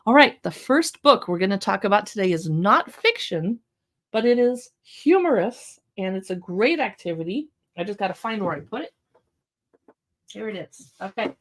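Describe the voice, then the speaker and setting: A woman hosts a live shopping stream from her home, talking close to her own microphone. Her chatty, upbeat delivery swings up and down in pitch as she shows off items. She sometimes reads short passages aloud in playful voices. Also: very animated, normal speed. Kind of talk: casual product showcase livestream.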